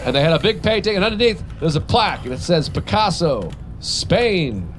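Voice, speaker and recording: A man doing a stand-up comedy routine, rambling and self-mocking, with crude jokes and quick voiced asides. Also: fairly high pitch, very animated, a little hiss or hum.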